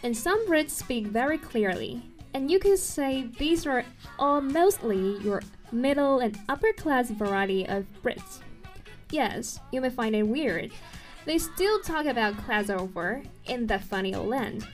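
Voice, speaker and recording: A woman's voice: fairly high pitch, animated, a little slow, soft background music. A woman presenting an explainer video in an earnest narrating tone, now and then stumbling over a word and correcting herself.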